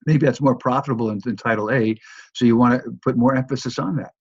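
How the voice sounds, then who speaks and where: A man's voice: medium pitch, fast talker, darkish tone, slightly rough, no echo, dull audio. A man teaching a recorded course, talking loosely with many restarts and repeated words. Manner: loose, repetitive delivery with frequent restarts. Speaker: course instructor.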